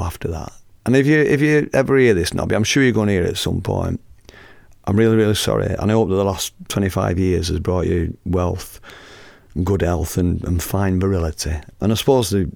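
A man in his fifties hosting a podcast, telling a story in a lively, casual way, acting out the scene and swearing freely. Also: low voice, vocal fry, no room sound, studio quality. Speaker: podcast host and musician.

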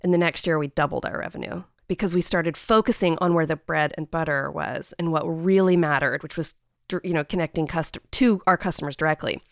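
A woman in her thirties, a guest on a podcast, telling a story in a chatty, animated way with lots of "like". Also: low-pitched, fairly quick, gravelly, no room sound, clean studio sound. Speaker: guest, company CEO. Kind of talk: casual storytelling in a podcast interview.

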